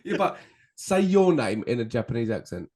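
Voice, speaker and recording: A man, co-hosting a podcast in casual chat, relaxed and trailing off mid-sentence, swearing in passing. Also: mid-range voice, normal speed. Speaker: podcast co-host.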